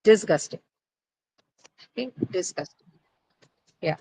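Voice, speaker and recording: This English teacher leads a classroom pronunciation lesson on word stress, frequently asking "right?" and saying "uh" as she checks in with students. Her fairly low voice is expressive, slow, and a little mellow, with vocal fry and a breathy edge. The audio is poor, with no echo.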